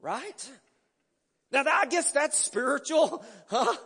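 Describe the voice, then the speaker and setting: A male pastor preaching a sermon emphatically, swinging from loud declarations to hushed words. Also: extremely high pitch, sing-song, takes it slowly, creaky, in a large hall.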